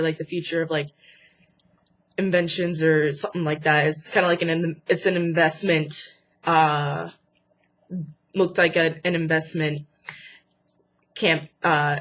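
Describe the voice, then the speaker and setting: A woman's voice: lowish voice, slight background noise. A young woman hosting a casual vlog, chatty and indignant with lots of fillers, sounding stuffy from a cold. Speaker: channel host.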